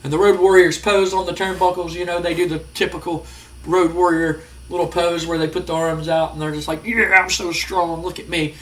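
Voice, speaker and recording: A man's voice: fairly high pitch, flat delivery, fairly quick. A man giving rambling, casual let's-play commentary, full of fillers. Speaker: gaming channel host.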